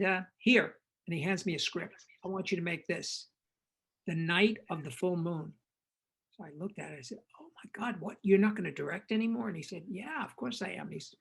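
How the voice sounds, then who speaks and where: Older director as interview guest, husky and gravelly, a lively raconteur who performs each quote. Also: male voice, high voice, poor audio. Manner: lively raconteur, acts out quoted dialogue, frequent repetitions. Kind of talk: animated storytelling anecdote.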